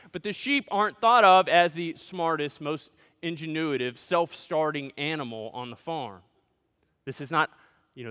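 Bright, clear-voiced man preaching in a hall. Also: a little high. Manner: conversational and joking. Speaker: pastor. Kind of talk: sermon.

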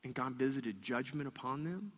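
A man preaching a sermon, animated and storytelling, acting out the voices of the people in the story. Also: medium pitch, moderate pace, long reverb tail. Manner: animated, acts out voices of complaining people and kids. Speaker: pastor.

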